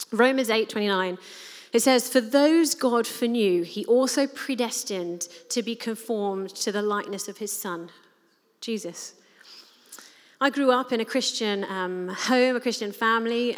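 Earnest woman preaching in a reverberant hall. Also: medium pitch. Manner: earnest, conversational, many fillers. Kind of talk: sermon.

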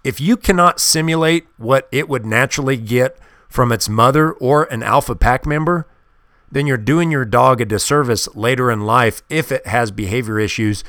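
Man, podcast host, insistent, emphatic, dry close sound, middle pitch. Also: a bit bright, no room sound. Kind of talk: casual monologue.

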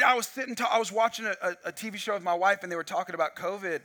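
A man's voice: high voice, rapid-fire, hardly any pauses. A man preaching a sermon, telling a story with lots of acted-out dialogue, on a wireless mic. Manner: animated storytelling, acts out dialogue. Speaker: pastor.

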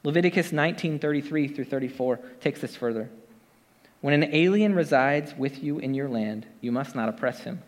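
A man's voice: mid-range voice, moderate pace. A man preaching a casual, conversational sermon to his congregation, with lots of fillers and asides. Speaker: pastor. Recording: long hall reverb.

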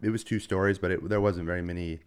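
A man's voice: deep voice, fairly even intonation, fast, clean tone. A young man hosting a podcast, casually teasing and questioning his friend. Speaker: podcast host. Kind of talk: casual chat.

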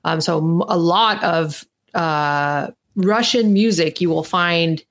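A woman's voice: on the low side, slow pace. A woman guest, a singer, talking enthusiastically in a casual chat with many fillers.

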